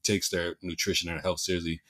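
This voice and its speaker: A man's voice: low-pitched, level tone, brisk, a bit bright. A male podcast host with a Philadelphia accent, chatting casually and restarting his sentences often with repeated words.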